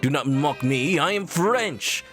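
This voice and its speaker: A man's voice: on the high side, animated, takes it slowly, a bit bright, faint music behind. A man voicing a pompous, condescending aristocratic male pigeon student council president in a dating game. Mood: haughty. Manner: haughty, condescending. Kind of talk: reading game dialogue aloud.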